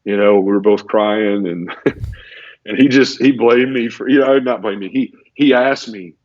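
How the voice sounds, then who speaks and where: A man's voice: fairly low pitch, a little slow, a little mellow. A man, a podcast guest, telling his personal testimony in an emotional, repetitive way and acting out sound effects. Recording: dull, lo-fi podcast audio.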